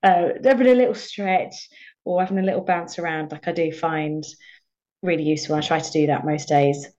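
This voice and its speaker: Young actress chatting away, laughy and animated, kinda dull lo-fi sound. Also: female voice, sits low, brisk. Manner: animated, laughs often, acts out her own past lines. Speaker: actor, podcast guest. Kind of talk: casual conversational storytelling. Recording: slightly muffled, lo-fi audio.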